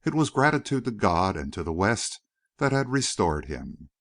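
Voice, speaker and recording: Man reading a western audiobook, low voice, very animated, dry close sound. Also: normal speed, no echo. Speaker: audiobook narrator. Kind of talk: scripted narration.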